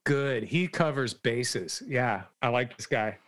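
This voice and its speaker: A man's voice: medium pitch, takes it slowly, a bit bright. A man co-hosting a podcast, chatting loosely with profane, laughing banter. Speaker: podcast co-host. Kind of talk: casual podcast chat.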